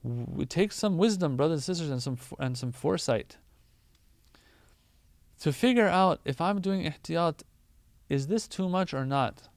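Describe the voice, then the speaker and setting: A man giving a conversational sermon, explaining verses with everyday examples and rising to animated emphasis. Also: fairly high pitch, normal speed, vocal fry, long pauses, dry recording. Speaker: preacher.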